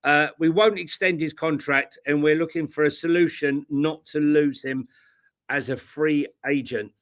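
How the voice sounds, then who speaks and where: A man's voice: a little high, fairly even intonation, moderate pace, a bit bright. A tired man co-hosting a casual football chat, blunt and jokey. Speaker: co-host.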